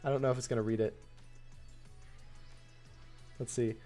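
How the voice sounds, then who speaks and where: A male streamer talks casually at a mid pitch, chatty and quick to laugh. He thanks viewers between bits of match commentary. Faint music plays softly underneath. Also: level tone. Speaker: streamer and host.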